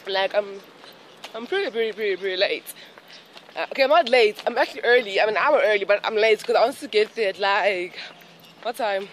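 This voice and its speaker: A young woman chatting casually in her vlog, excitable and rambling, with frequent giggles. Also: mid-range voice, brisk, slight background noise. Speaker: vlogger.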